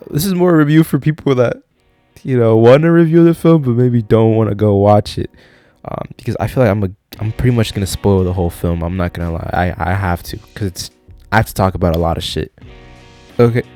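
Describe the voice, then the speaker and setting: Young male reviewer, low voice, chatty and profane, faint music underneath. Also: animated, a little fast, mellow. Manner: profane, rambling, loose and chatty. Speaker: film reviewer. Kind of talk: casual spoken review.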